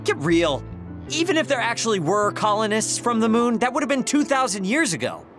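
A man's voice: on the high side, wildly swooping pitch, moderate pace. A man voicing a brash, sarcastic young man in a video game, blunt and mocking. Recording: game audio with music behind.

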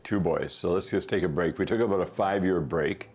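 A middle-aged man with a low-pitched voice appears as a podcast guest, casually telling a family story. He chuckles often and tosses in quick asides.

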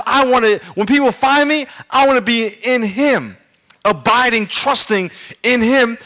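Lively, bright-voiced man preaching. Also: sits high. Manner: animated storytelling with shouted sound effects. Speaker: pastor. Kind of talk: sermon. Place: large church.

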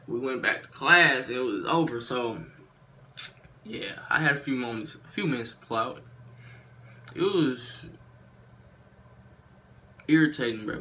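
A man's voice: on the high side, bright, forceful tone, a little hiss or hum. A young man telling a storytime story to his viewers in casual slang, animating and exaggerating as he goes. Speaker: YouTuber.

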